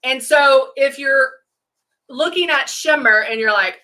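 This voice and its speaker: A woman's voice: high voice, normal speed, pushed and bright. A middle-aged woman hosting a makeup live stream, chatting casually as she works and greeting viewers by name. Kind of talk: casual demo chat.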